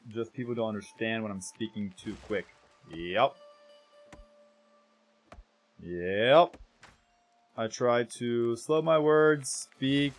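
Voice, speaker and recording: A young American man chatting casually with viewers while streaming a game, rambling and correcting himself as he goes. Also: medium pitch. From United States. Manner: rambling, self-correcting, trails off softly.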